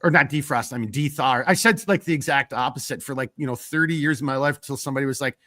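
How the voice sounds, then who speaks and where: Bright blunt-talking host with a northern accent. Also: male voice, mid-range voice, fast talker, dry recording, studio quality. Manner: rambling, digressive, blunt, swears freely. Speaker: live stream host. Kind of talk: casual live stream chat, reading viewer comments.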